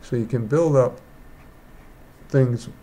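A man's voice: medium pitch, takes it slowly, mellow. A man who is a digital artist, rambling and thinking aloud as he walks through a casual painting tutorial indoors. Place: indoors, rain outside.

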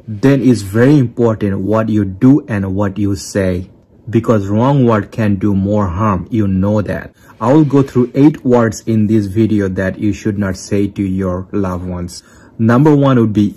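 A man hosting a relationship advice video, speaking in a calm, steady, plain way with some non-native grammar. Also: lowish voice, husky. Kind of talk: scripted advice talk to camera.

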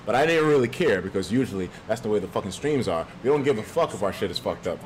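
Fast-talking and animated, a man chats casually and profanely on a live stream. He reads viewer donations aloud, his pitch jumping suddenly and loudly.

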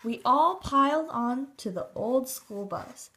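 A woman narrating a children's storybook in a steady, expressive reading. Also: high-pitched, takes it slowly.

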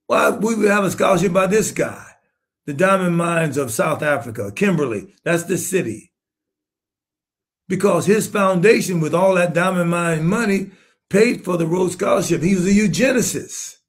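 A man in his seventies, a bishop preaching with emphatic rhetorical questions, swinging between hushed asides and shouted points. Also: sits high, expressive, normal speed. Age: 70s. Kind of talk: sermon-style commentary.

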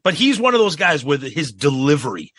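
Rich: An eager middle-aged man co-hosting a podcast, his voice slightly high and husky. He talks casually and agrees quickly. The sound is close and dry. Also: sing-song, a bit bright, no echo. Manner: enthusiastic, quick agreeing replies. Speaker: podcast co-host. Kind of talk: casual chat.

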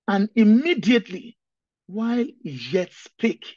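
A man preaches an impassioned sermon, repeating his phrases as he cries out. His voice sits a little high and husky, rising and falling widely at a slow, deliberate pace. The recording is dry and dull, with a lo-fi sound. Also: lively intonation, no room sound. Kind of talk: emotional sermon.

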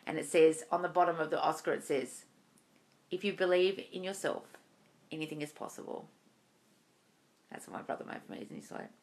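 Speaking in a low, darkish voice with fairly even intonation, this woman in her thirties is brisk but pauses often. She's a manifestation coach running a home live stream on a phone or webcam, reading out viewer comments and replying bluntly and casually, with plenty of "darling" and free swearing.

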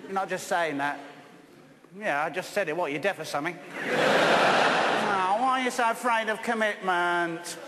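Brash English man shouting in a theatre. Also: high-pitched, a little slow, long pauses, heavy background noise. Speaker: stage comedian. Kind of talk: live stage comedy performance. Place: large theatre stage. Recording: echoey live theatre recording.

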